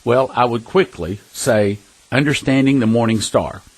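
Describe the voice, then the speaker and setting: Earnest male preacher, mid-pitched husky voice, emphatic storytelling delivery. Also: moderate pace, no echo, low-quality recording. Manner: earnest, emphatic, with scattered restarts and chuckles; addresses listeners as brothers and sisters. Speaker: prophecy ministry speaker. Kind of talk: preaching talk with personal storytelling.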